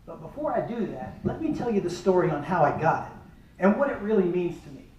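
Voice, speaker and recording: Man telling a lively funny story, echoey. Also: high voice, a little fast, highs cut off, a little hiss or hum. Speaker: speaker at a charity event. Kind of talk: humorous storytelling speech. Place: event hall. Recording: echoey hall from far off.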